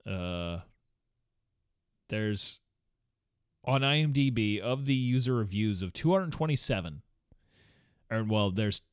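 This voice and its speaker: A man's voice: fairly low pitch, animated, slow, pauses often, smooth, no room sound, clean studio sound. A man in his forties chatting casually at home, meandering with many fillers, restarts, swearing and small chuckles. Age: 40s. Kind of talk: casual rambling vlog chat.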